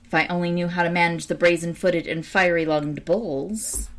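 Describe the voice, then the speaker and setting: A woman's voice: fairly low pitch, steady tone, normal speed, a bit bright, natural voice. A woman voicing a brave, earnest young prince in a storybook reading.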